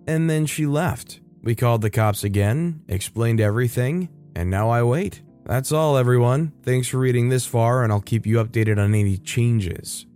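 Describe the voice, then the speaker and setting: A man reading a reddit story aloud in a conversational, expressive storytelling manner. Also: medium pitch. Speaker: story narrator. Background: faint background music.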